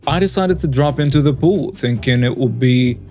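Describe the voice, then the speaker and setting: Man narrating stories over soft music. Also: mid-range voice, normal speed. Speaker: story channel narrator. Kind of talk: scripted story narration. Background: faint background music.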